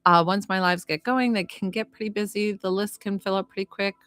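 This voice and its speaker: A woman with a mid-range, fairly even voice talks fairly quickly to live stream viewers as a psychic medium and healer. She's chatty and warm-hearted, rambling along with plenty of fillers. The sound is clean studio audio with no room echo.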